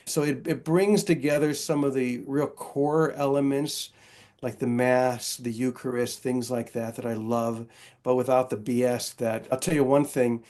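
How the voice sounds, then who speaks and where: A man speaking as a podcast guest in an earnest, reflective tone, with a mid-range pitch. He often restarts his phrases mid-thought as he explains things. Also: warm tone. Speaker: guest, author and Episcopal priest. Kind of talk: casual interview conversation.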